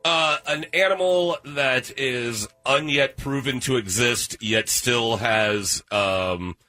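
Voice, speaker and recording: A man's voice: medium pitch, takes it slowly, bright, forceful tone, faint music behind, poor audio. A man co-hosting a casual podcast chat, jokey and full of quips.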